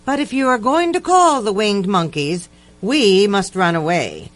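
A woman playing a lively little mouse queen. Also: mid-range voice, measured pace, natural voice. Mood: urgent. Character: small female mouse queen, kindly and quick.

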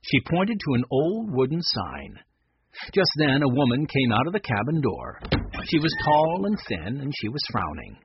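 A man reads a children's story aloud with a husky voice. His pitch rises and falls widely as he tells it. The recording is dry and slightly dull. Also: normal speed. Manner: lively expressive reading. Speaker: narrator. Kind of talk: storybook reading.

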